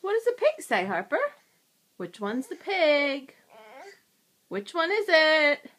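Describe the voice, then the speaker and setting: A woman's voice: high-pitched, big pitch swings, takes it slowly, a bit bright. A young woman talking baby talk to her infant in a sing-song, cooing way, asking simple questions. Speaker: parent filming her baby.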